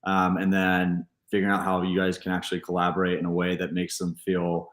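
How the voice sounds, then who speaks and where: A man who is a guest founder, answering in a steady, measured way with occasional fillers. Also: sits low. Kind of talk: conversational interview answer.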